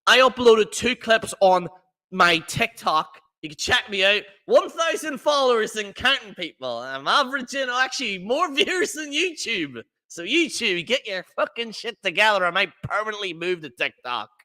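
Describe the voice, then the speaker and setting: A man's voice: high-pitched, sing-song, moderate pace, sharp tone. A man hosting a livestream, ranting in a profane, rambling, mocking way. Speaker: livestream host. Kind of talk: casual rant on a livestream.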